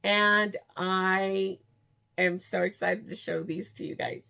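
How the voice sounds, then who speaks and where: A middle-aged woman vlogging in a chatty, excitable way, laughing often and restarting sentences. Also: mid-range voice, takes it slowly, vocal fry, smooth. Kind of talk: casual chat. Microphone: camera in front, steps back and forth.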